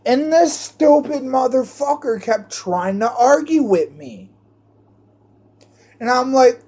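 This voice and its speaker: A man's voice: very high voice, expressive, slow pace, a little mellow. A man ranting in a rambling, profane monologue, repeating his phrases and restarting them often. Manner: repetitive, restarts phrases, swears heavily.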